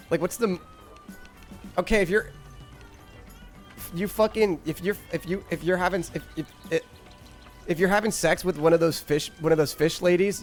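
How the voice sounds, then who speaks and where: A man streaming a game, rambling and joking with chat in crude casual talk, often stammering. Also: fairly high pitch.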